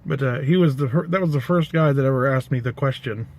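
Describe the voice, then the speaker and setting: A man's voice: mid-range voice, quick pace, a little mellow. A man casually telling an anecdote to the camera, rambling, correcting himself and adding dry asides. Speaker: pipe-smoking vlogger.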